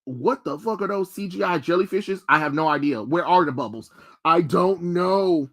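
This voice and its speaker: A man's voice: high-pitched, moderate pace, a bit bright. A young man streaming live, reacting to trailers with blunt, mocking, profane rants. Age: young adult.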